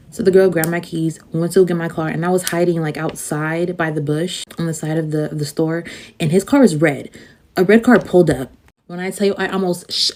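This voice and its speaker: Woman with a low mellow voice, storytime, emphatic and breathless. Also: fairly even intonation, fast talker. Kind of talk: casual storytime.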